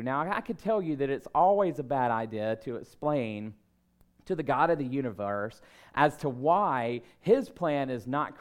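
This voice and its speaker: Male pastor, thirties, sermon, chatty self-deprecating stories, emphatic bursts, mid-pitched voice.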